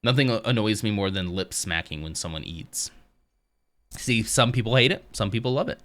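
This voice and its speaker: A man's voice: fairly low pitch, animated, moderate pace, fairly bright tone. A man streaming live, chatting casually with his viewers, rambling and joking at his own expense, often laughing.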